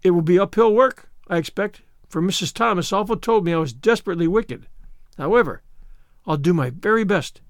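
A man's voice: high-pitched, very animated, brisk, no room sound, studio quality, pitched above the performer's own voice. Man doing a gushing little orphan girl. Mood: tearfully glad. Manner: breathless, pleading, gushing. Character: eager imaginative orphan girl, about eleven. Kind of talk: audiobook character voice.

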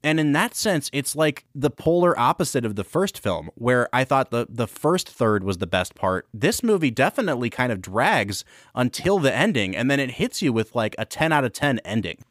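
A man's voice: mid-range voice, big pitch swings, normal speed, dry recording, clean studio sound. Enthusiastic male film podcast co-host. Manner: enthusiastic, analytical. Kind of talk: casual film review chat.

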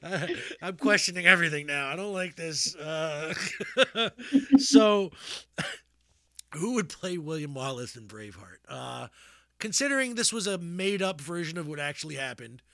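A man's voice: on the high side, moderate pace. A man chatting casually about movies, rambling with many restarts and frequent laughter, getting worked up as he goes. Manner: rambling, animated, laughs often, trails off into restarts.

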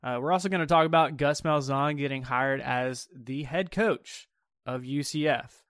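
A man's voice: mid-range voice, normal speed, fairly bright tone, dry recording. A young man hosting a casual sports talk show, laid-back and often laughing, with a dry close sound. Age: young adult. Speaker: podcast host.

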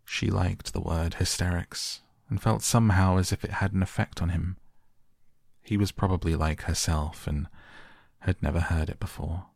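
A man reads a classic story softly for sleep, in a very deep voice with a gravelly fry. He takes his time, calm and measured, and the sound is close and dry. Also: dry recording. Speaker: audiobook narrator. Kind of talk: soft bedtime audiobook reading.

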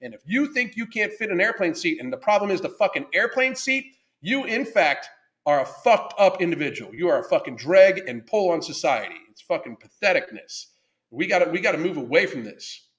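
A man with a slightly high voice hosts a livestream, talking in a loud, blunt rant. He swears in nearly every sentence and stays excitable throughout, breaking off now and then to read viewer comments aloud. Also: a little fast. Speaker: livestream podcast host. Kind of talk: profane ranting livestream monologue.

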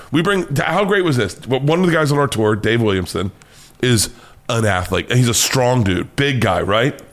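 Profane, animated American comedian telling stories. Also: male voice, mid-range voice. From United States. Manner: profane, animated storyteller, laughs often. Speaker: comedian guest. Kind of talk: casual storytelling interview.

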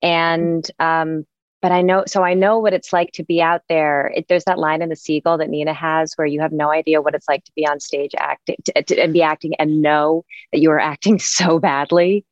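A woman's voice: deep voice, little pitch movement, moderate pace, no room sound. An actress speaking in a reflective roundtable conversation, searching for her words with frequent restarts. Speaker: actress guest. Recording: dull, dry sound.

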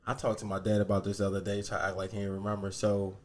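A man, a podcast guest, telling a story in a relaxed, rambling, humble way. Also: lowish voice, rapid-fire. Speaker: podcast guest, fitness trainer. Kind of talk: casual storytelling.

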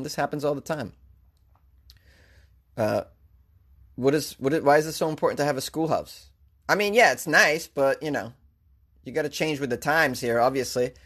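A man joking his way through a news story, rambling with self-deprecating asides. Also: fairly high pitch. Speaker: comedic news commentator. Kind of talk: comedic commentary on a news story.

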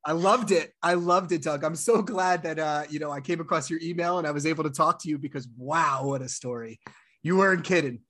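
A man's voice: fairly high pitch, a little fast, fairly bright tone. Supportive male podcast host. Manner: supportive, affirming, says "man" and "dude". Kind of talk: casual interview chat.

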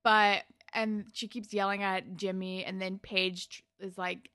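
A woman's voice: medium pitch, flat delivery, a little slow, creaky, pushed and bright, dry recording, clean studio sound. A young woman co-hosting a casual podcast, chatty and amused as she talks through an episode. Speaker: podcast co-host. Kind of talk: casual chat.

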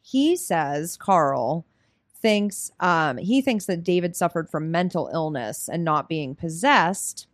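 A woman co-hosting a podcast in easy, casual chat, leaning on fillers as she recaps a story. Her voice sits a little low, and the sound is dry and close. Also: lively intonation, slow pace, no room sound. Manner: chatty, reads excerpts aloud with fillers. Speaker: podcast co-host.

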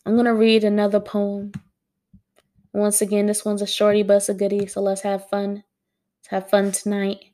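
A woman poet at home, reading her own poems aloud and chatting to her listeners between them, a bit dramatic and quick to laugh at herself. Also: medium pitch, monotone, warm tone. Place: at home with a dog on a wooden floor.

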